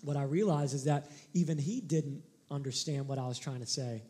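A male pastor preaching a sermon, animated and emphatic, shifting into candid personal stories. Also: medium pitch, normal speed.

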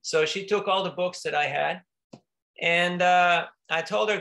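Slightly slow and creaky, this monk's bright, forceful voice sits high. In an informal spiritual talk he tells stories conversationally, with frequent restarts and little laughs.

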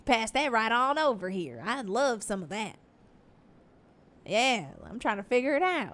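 A woman's voice: a little high, slight background noise. A woman streaming a video game with casual, playful commentary, chatting to herself and her viewers as she plays. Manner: playful, chatty, talks to herself while playing. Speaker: gaming streamer.

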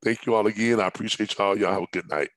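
Hoarse man, low and dry. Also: fairly even intonation, fairly bright tone, dry recording. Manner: halting, many fillers and restarts. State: scratchy, hoarse voice. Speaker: business presenter. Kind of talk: live-streamed business presentation.

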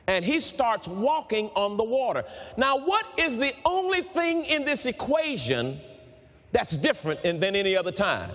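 A man preaching a sermon, reading scripture aloud and acting out its dialogue in an animated way. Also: extremely high pitch, big-room sound. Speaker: pastor.

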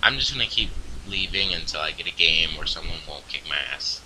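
A young man casually commentating his online game, crude and profane, rambling quietly and then suddenly yelling at other players. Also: deep voice, lively intonation, a little fast, noisy background. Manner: crude, profane, swings into loud outbursts. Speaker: gaming video host.

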